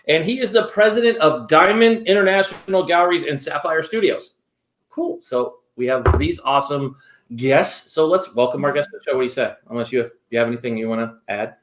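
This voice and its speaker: A middle-aged man hosting a show, joking and animated in casual banter. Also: fairly high pitch. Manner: animated and joking, prone to whoops. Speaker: show host. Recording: roomy echo.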